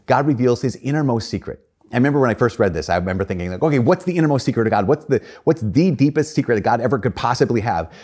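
A male priest giving a conversational homily, earnest, often repeating and restarting his words and acting out quoted voices. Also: a little mellow. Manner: acts out quoted voices in a raised pitch.

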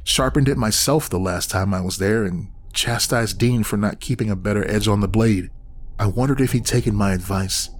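A man reading a horror story aloud in scripted first-person narration, tense and steady. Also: on the low side, a little hiss or hum.

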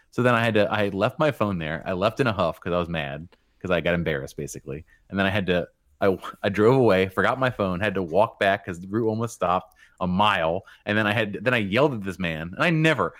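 Fast-talking deep-voiced co-host. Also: male voice, a bit bright, no room sound, studio quality. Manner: wry, self-deprecating storyteller. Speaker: podcast co-host. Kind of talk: casual storytelling chat.

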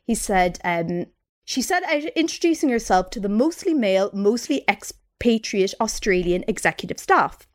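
A woman's voice: medium pitch, normal speed. A woman co-hosting a comedy podcast who tells a story at length and acts out the quotes in it. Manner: animated narration with acted-out quotes. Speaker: co-host.

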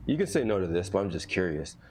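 A man's voice: sits low, sing-song, quick pace, darkish tone. A man hosting a podcast, reacting with short slangy remarks and asking questions. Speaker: podcast host. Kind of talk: casual podcast interview.

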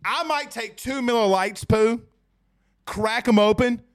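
On his laid-back sports podcast, a high-voiced man addresses listeners directly at a measured pace, animated and joking throughout.

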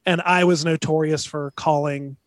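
A man's voice: fairly high pitch, moderate pace, dry recording. A man, a band member being interviewed, telling stories casually and animatedly. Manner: chatty, animated anecdotes with put-on voices. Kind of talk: casual storytelling.

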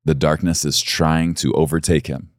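A man's voice: extremely low pitch, little pitch movement, moderate pace, dry recording, clean studio sound. A middle-aged male pastor preaching a sermon in an earnest, intimate way that swells to emphatic peaks.

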